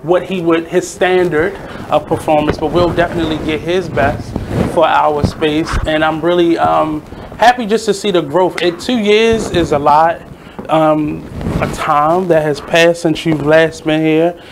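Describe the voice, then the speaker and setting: A man's voice: on the high side, fairly even intonation, a little slow, vocal fry, noisy background. A man hosting a radio show, chatting casually and giving reflective advice to his guest. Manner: reflective, advice-giving, frequent "mm-hmm" backchannels. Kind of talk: casual interview chat.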